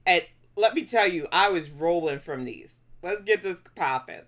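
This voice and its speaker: A woman's voice: on the low side, lively intonation, normal speed, fairly bright tone. Blunt woman hosting a live stream. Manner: blunt, scolding toward chat trolls. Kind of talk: casual live-stream commentary.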